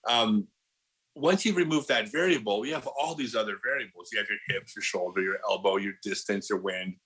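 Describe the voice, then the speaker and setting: A middle-aged man talking casually on a podcast as a guest, an animated storyteller who restarts his sentences and says "like" a lot. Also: on the low side, a little fast, slightly rough, rough recording. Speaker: podcast guest, disc golf pro.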